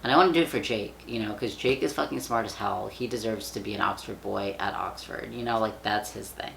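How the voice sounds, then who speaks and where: Gravelly, bright young man chatting. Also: fairly low pitch, brisk, a little hiss or hum. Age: young adult. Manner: rambling, filler-heavy, swears casually. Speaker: vlogger. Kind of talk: casual chat.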